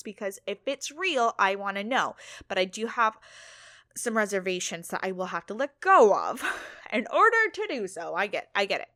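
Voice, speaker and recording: Female podcast host, bright tone, dry close sound, candid and loose. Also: mid-range voice, big pitch swings, moderate pace, no room sound. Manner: candid, swears freely, laughs at herself. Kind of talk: casual solo monologue.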